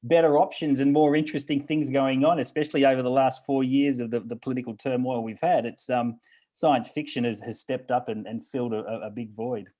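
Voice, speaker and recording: A man's voice: mid-range voice, fairly even intonation, warm tone, rough recording. Older man, thoughtful festival director. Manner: thoughtful, measured, with fillers. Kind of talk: casual interview chat.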